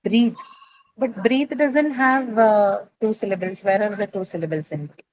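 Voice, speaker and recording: A woman's voice: mid-range voice, normal speed, darkish tone, no echo, poor audio. A woman teaching English pronunciation in an online class, explaining patiently step by step and checking in with tag questions.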